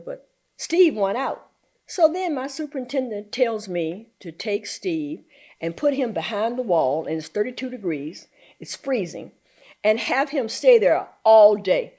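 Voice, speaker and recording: Older southern woman, lively storyteller, lots of pitch swing, laughs a lot. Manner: animated storyteller, laughs often. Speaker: interview guest, community activist. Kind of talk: storytelling interview.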